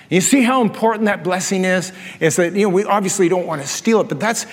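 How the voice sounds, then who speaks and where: High-voiced preacher in a hall. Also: male voice. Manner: animated storyteller, laughs at his own jokes. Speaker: pastor. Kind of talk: sermon. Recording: long reverb of a large hall.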